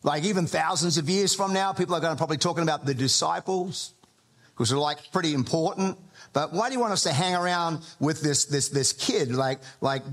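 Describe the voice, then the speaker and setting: Male pastor, slightly high voice, chatty and humorous sermon delivery. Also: a little fast, fairly bright tone. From Australia. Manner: conversational storytelling with humour.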